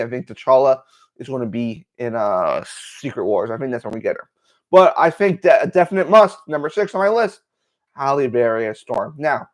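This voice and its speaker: A man hosting a livestream. He chats casually and excitably, with many fillers. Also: a little high. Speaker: host.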